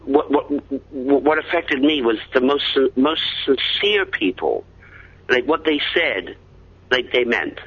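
A man talking as a radio show guest, halting and often repeating his words. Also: medium pitch, lively intonation, husky, dull audio. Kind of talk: casual radio talk.

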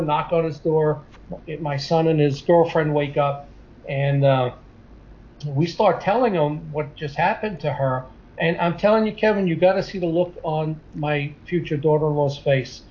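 A man's voice: on the high side, darkish tone. A middle-aged man earnestly retelling a story in a rambling way, stringing lines together with "she says". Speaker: guest telling a story. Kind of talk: casual spoken storytelling. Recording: dull lo-fi audio.

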